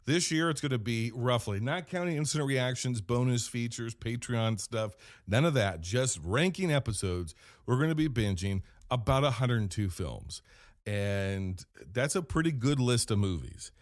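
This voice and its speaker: A man hosting a podcast, rambling through a comedic in-character monologue with deadpan storytelling and self-corrections. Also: mid-range voice, normal speed, no room sound, clean studio sound. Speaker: podcast host.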